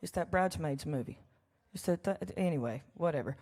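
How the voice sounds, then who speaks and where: A folksy woman with a deep, animated, brisk, slightly mellow voice chats onstage between songs in a large church hall, the long reverb trailing her words. The songwriter jokes, laughs, and makes asides to the live audience while storytelling.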